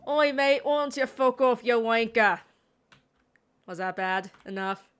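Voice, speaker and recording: A woman's voice: mid-range voice, monotone, normal speed, fairly bright tone, clean tone, faint music behind, natural voice. A woman putting on a foul-mouthed, angry drunk bloke who snarls insults. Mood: snarling. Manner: snarling insults, coarse slang.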